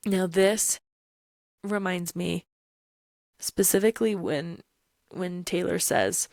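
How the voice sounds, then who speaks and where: Emphatic low-voiced woman with gravelly fry. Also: fairly even intonation, takes it slowly, long pauses, a little mellow, no room sound, studio quality. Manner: emphatic, rhetorical, keeps asking "right?" and "okay?". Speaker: podcast host. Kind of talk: casual commentary on song lyrics.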